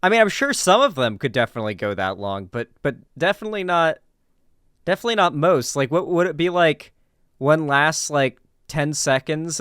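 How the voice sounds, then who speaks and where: A man talks through a reaction commentary in an easygoing, rambling way, piling on filler words and sarcastic asides. His voice is smooth and clear at a middling pitch, recorded dry and close with no room sound. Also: fairly bright tone, dry recording. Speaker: commentary host.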